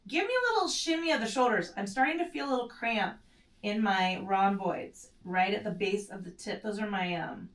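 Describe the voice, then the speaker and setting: Animated and a bit bright, a mid-range female voice at a moderate pace leads a mat pilates class, doing the moves and breathing short and strained. Her instruction is casual and self-correcting, captured from a distance in an echoey room.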